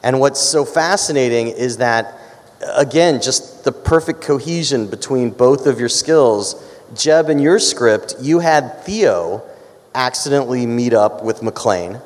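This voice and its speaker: Enthusiastic male panel moderator. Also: medium pitch. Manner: enthusiastic, stumbles on repeated words. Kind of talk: panel interview. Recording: hall reverb.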